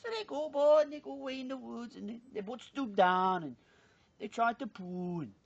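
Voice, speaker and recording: A woman's voice: a little high, moderate pace, creaky, muffled recording. A woman telling a folksy joke casually, drawling and saying "man" and "you know". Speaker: storyteller.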